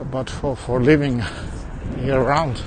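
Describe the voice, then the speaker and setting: A man with a mixed foreign accent chats easily with viewers as he walks along suburban streets, his voice sitting in a middle pitch. He talks through a phone carried in his hand. Clear outdoor noise and passing traffic run behind him. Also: fairly even intonation, takes it slowly. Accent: mixed foreign accent in English. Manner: chatty, answers viewers as he goes, with small laughs and restarts. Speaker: livestreamer. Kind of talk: casual walking livestream chat. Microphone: phone carried while walking.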